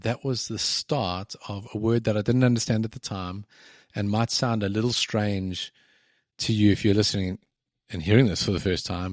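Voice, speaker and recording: A man's voice: fairly low pitch, a little mellow, no echo, studio quality. A man co-hosting a podcast, talking earnestly and reflectively in a casual conversation, often restarting his sentences. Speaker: podcast co-host.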